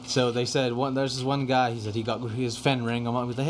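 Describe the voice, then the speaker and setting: A man's voice: mid-range voice, fairly even intonation, brisk, a little hiss or hum. A young man casually chatting on a podcast, rambling with lots of fillers and casual swearing. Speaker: podcast guest telling studio stories. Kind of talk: casual chat.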